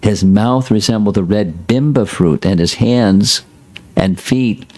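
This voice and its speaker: A man's voice: on the low side, takes it slowly, a little mellow, dry recording. A man teaching a scripture class, reading a passage aloud and breaking in with short plain asides. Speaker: spiritual teacher.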